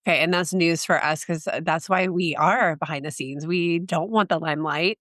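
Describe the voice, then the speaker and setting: A woman's voice: fairly low pitch, moderate pace, no room sound. Casual woman podcast host, dry sound. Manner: casual, relaxed, uses fillers. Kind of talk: conversational podcast interview.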